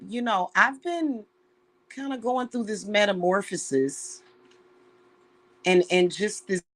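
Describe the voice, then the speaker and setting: A woman who calls herself a witch, talking warmly and emotionally to her viewers about spiritual protection, on the edge of tears. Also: medium pitch, takes it slowly. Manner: heartfelt, emotional, addresses viewers as y'all. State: close to tears. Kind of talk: casual spiritual talk to viewers.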